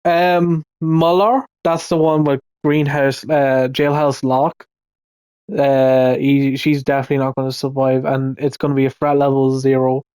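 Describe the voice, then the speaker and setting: A man rants casually about his topic, rambling on with frequent swearing, trailing fillers and half-finished restarts. His voice sits at a middling pitch, recorded close and dry with no room sound. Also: little pitch movement, unhurried, darkish tone, clean tone, no echo. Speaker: video commentator. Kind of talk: casual ranting commentary.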